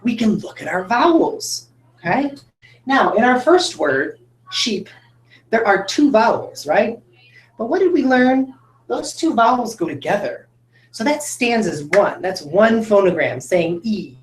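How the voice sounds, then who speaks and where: A woman's voice: mid-range voice, big pitch swings, measured pace. Echoey woman teaching a phonics class. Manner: encouraging, demonstrative, addresses children directly.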